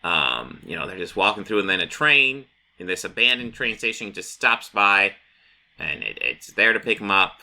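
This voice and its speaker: A man's voice: on the low side, very animated, moderate pace, vocal fry, bright, forceful tone. A man hosting a channel, recapping a comic in a casual, rambling way with many fillers. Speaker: comic book channel host.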